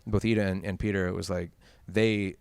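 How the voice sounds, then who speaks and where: A man tells his stories at a brisk clip, full of restarts and asides. His voice sits a little low and comes through smooth and clean. The sound is dry and close, with no room around it. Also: no echo. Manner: quick, animated storytelling with many restarts and fillers. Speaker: voice actor guest. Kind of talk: casual interview chat. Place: convention interview room.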